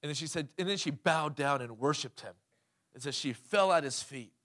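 Preaching at a normal speed, this male pastor has a slightly high, expressive and somewhat bright voice. He emphatically puts questions to the crowd and calls for amens with "Amen?"

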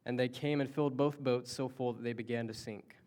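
A man's voice: mid-range voice, steady tone, a little fast, darkish tone. Man preaching in a storytelling manner. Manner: conversational storytelling with restarts and asides. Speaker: pastor. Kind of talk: sermon.

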